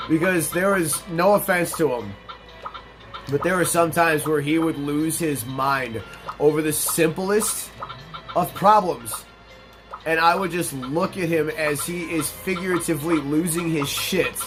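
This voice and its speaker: A man's voice: fairly high pitch, unhurried, over music. A young man hosting a let's play, rambling through casual, profane gameplay commentary and stories.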